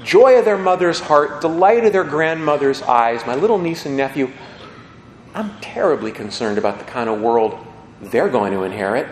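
Folksy priest in an echoey church. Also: male voice, mid-range voice, normal speed, slight background noise. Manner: conversational, folksy, asks "okay?" often. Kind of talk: homily. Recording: echoey church with long reverb.

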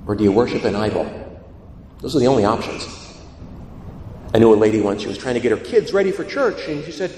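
A man preaching a sermon in an animated, storytelling way, with acted quotes. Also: fairly low pitch, moderate pace, pauses often, a little hiss or hum. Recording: echoey hall, long reverb.

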